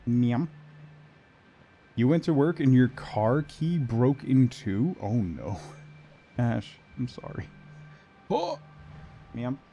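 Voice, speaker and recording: Gravelly-voiced man streaming a game. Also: mid-range voice, very animated, slow, long pauses, dark tone, highs cut off, a little hiss or hum. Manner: chatty, talks to his cat and chat. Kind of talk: casual gameplay commentary.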